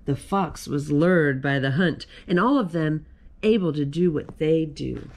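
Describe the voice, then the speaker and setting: A woman who is a children's librarian, reading a picture book aloud at storytime in a gentle, expressive way. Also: low voice, unhurried, a little hiss or hum.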